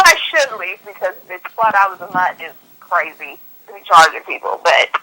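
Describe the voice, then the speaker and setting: A woman's voice: on the low side, expressive, normal speed, pushed and bright, slight background noise, low-quality recording. A woman from the US West Coast, hosting a podcast in loose, slangy casual chat full of fillers and laughter. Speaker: podcast host.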